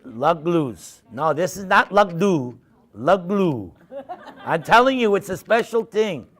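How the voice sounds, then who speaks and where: A man's voice: sits high, normal speed. A man telling humorous stories to an audience and taking their questions in a casual talk. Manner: humorous, animated storytelling. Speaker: speaker answering questions.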